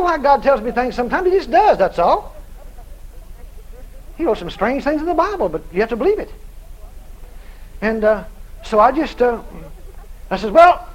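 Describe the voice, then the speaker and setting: A man preaching, telling a story with lively dialogue and loud shouted prayers. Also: extremely high pitch, poor audio. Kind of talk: sermon storytelling.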